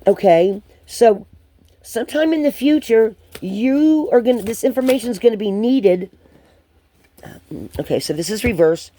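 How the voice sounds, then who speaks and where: A woman's voice: medium pitch, warm tone. Hesitant woman giving a spiritual card reading. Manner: hesitant, rambling, many ums and restarts. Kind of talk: channeled card reading to viewers.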